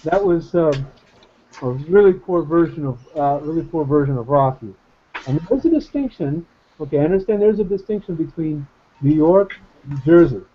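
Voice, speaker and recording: Brief: chatty, hesitant man in a study group, slightly high voice, lo-fi video call audio. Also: expressive, normal speed, husky. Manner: rambling, hesitant, good-humored. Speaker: Bible study participant. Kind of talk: casual group discussion.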